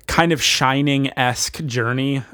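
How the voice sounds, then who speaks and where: A man's voice: mid-range voice, unhurried, pushed and bright. A man co-hosting a podcast, improvising a story in a rambling, playful way with many fillers and restarts. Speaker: podcast co-host. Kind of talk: casual chat, improvised movie pitch.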